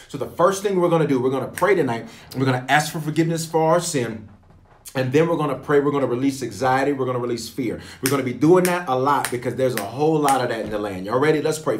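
A man serving as a bishop, leading a livestreamed prayer with emphatic, repetitive, preacherly phrasing. He talks colloquially and speaks straight to his viewers. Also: medium pitch. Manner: colloquial, addresses viewers directly.

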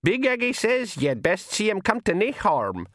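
A man voicing a fierce old male pixie elder with a shrill brogue. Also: wildly swooping pitch, normal speed, fairly bright tone, no room sound, studio quality, full character voice. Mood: stern. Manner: shrill battle-cry brogue.

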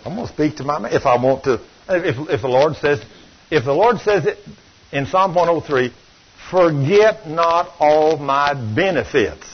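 A man in his sixties preaching a fervent, animated sermon and acting out quotes. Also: a little high, normal speed, husky. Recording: muffled lo-fi recording.

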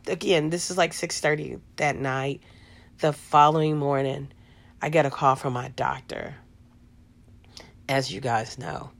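A woman's voice: rumbling low, steady tone, measured pace, creaky, pauses often. A middle-aged woman hosting a podcast, telling a personal story in a casual, rambling way with lots of fillers. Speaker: podcast host.

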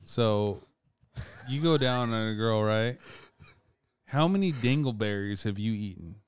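A man's voice: on the low side, animated, unhurried, smooth, no room sound. A man co-hosting a casual chat, teasing and rambling with many fillers. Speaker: podcast co-host.

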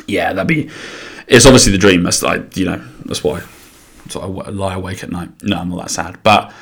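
Rambling young Englishman with a low voice. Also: brisk, gravelly, fairly bright tone, husky. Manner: chatty, blunt, swears, frequent restarts and fillers. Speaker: solo podcast host. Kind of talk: casual rambling monologue.

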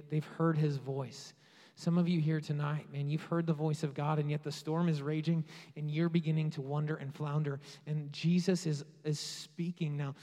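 A man preaching a sermon with passion, rising to loud peaks and dropping to quiet asides. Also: fairly high pitch. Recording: long hall reverb.

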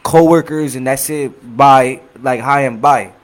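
Man, casual, hyped, slangy, mid-pitched voice. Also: measured pace. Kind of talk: casual podcast chat.

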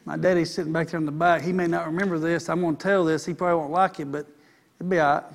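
A man's voice: fairly high pitch, steady tone, quick pace, vocal fry. A man preaching a sermon in a folksy, conversational way.

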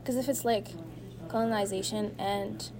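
A woman's voice: mid-range voice, steady tone, normal speed. Brief: woman host asking short casual questions, busy crowd audible. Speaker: interviewer. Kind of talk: casual street interview. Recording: crowd noise behind.

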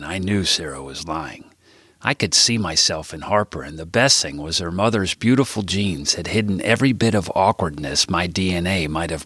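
Deep-voiced man reading his own story. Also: husky, no echo, clean studio sound. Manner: jumps much higher and louder for dialogue. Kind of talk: first-person audiobook narration.

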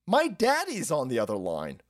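A man's voice: on the high side, huge pitch swings, pitched below the performer's own voice. A man doing a whiny, sing-song grown son. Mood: mocking. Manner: sing-song, drawn-out mocking tone. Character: whiny grown son taking his father's call mid-meeting. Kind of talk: mocking impression on a political stream.

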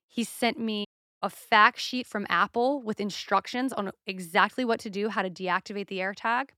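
A young adult woman hosting a podcast, telling a story in a casual, profane and animated solo rant. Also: on the high side, no echo, studio quality. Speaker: podcast host.

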